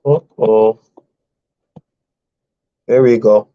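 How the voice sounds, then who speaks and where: A man's voice: fairly low pitch, fairly even intonation, very slow, highs cut off. A man hosting a live stream for truck drivers, telling rambling stories in casual chat and laughing often.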